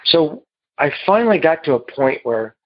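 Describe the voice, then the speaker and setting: A man telling his recovery story to a meeting in a halting, earnest way, heard over a phone. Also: on the high side, very animated, no room sound. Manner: halting and earnest, with repeated restarts. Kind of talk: personal recovery story told to a group. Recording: muffled phone line.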